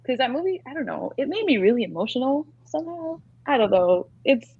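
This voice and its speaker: A woman's voice: high-pitched, sing-song, brisk, breathy edge, no room sound, narrow, tinny audio. A woman co-hosting a podcast, rambling in casual chat with lots of filler words. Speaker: podcast co-host.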